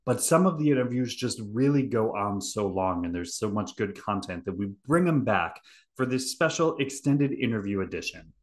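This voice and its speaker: A man co-hosting a podcast, cheerful and quick to laugh. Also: fairly low pitch, expressive. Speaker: podcast co-host. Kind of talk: casual podcast chat.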